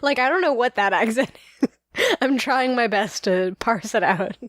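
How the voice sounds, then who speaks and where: A woman's voice: fairly high pitch, lively intonation, moderate pace, fairly bright tone, no room sound, studio quality. A young woman from New York co-hosting a casual podcast, chatty and laughing often, with lots of filler words. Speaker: podcast co-host. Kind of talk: casual chat.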